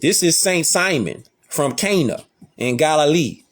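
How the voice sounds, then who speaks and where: Slightly high and animated, this man's voice moves a little slowly as he hosts an image-based casual lecture. He leans on slangy street talk, stresses his points hard, and asks the same rhetorical questions again and again.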